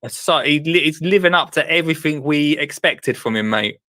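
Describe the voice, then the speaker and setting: A young man hosting a live show, excitable and breathless, tripping over his words. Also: on the high side, a little fast, dry recording. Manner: excitable, breathless, full of restarts. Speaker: host. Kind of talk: excited live-stream chat.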